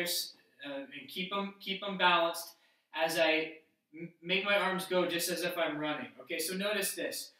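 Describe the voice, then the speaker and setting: A man's voice: fairly high pitch, sharp tone. Man explaining exercises in an echoey room. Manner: talks while demonstrating moves, explaining step by step. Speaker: fitness instructor. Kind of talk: instructional workout demo. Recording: very echoey room, mic at a distance.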